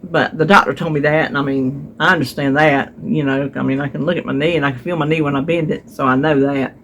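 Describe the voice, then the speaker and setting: A woman's voice: low voice, fairly even intonation, fast, slight background noise. A woman chatting to her viewers, retelling a therapy visit with voiced quotes, recorded at home on a phone. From North Carolina. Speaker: vlogger. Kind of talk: casual storytelling to viewers.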